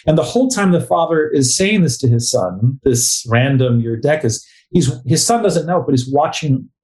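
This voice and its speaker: A middle-aged podcast co-host with a slightly high, mellow voice speaks at a moderate pace with animation. In a casual book talk he rambles, restarts sentences and reads passages aloud.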